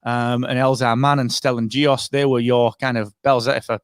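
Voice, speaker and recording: A medium-pitched male podcast co-host talks at a moderate pace with a flat delivery and clean tone. He chats casually and rambles, using many fillers and restarts, recorded in clean studio sound with no echo.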